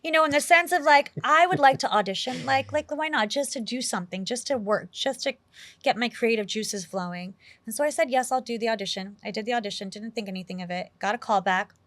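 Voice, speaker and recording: Animated woman telling stories in an interview. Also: fairly high pitch, fairly quick, no echo. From New York City. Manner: animated, quotes herself often, heavy use of "like". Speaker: actress, interview guest. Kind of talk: casual interview storytelling.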